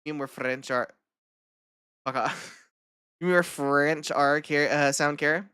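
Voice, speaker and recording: A woman's voice: deep voice, fairly even intonation, takes it slowly, long pauses, fairly bright tone, clear, resonant tone, no room sound, studio quality. A woman streamer chatting casually while reacting to videos, swearing a lot, laughing and repeating words over and over.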